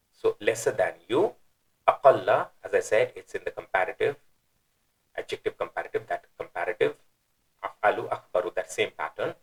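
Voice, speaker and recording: A man teaching, explaining a scripture translation patiently, repeating phrases and pausing with fillers. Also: mid-range voice, fairly bright tone, rough recording. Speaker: Quran teacher.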